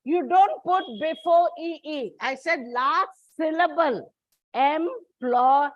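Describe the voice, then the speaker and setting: A woman's voice: very high voice, no room sound. A woman teaching English stress rules in a classroom lecture, explaining step by step and calling her students children. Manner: slow, deliberate explaining, addresses students as children. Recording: dull lo-fi dry recording.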